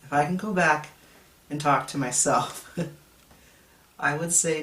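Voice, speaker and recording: Man in his thirties, slow confessional testimony, mic set back in a roomy space. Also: a little high, pushed and bright, a little hiss or hum. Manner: reflective, confessional storytelling. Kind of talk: personal testimony vlog. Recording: echoey room, mic at a distance.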